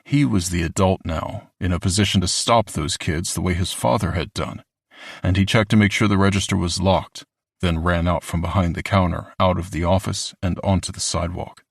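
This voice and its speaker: A man narrates an audiobook in a very deep, low voice. His reading is steady and even. The sound is close and dry, as in a studio booth. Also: moderate pace, vocal fry, slightly rough, no echo. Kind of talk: scripted narration.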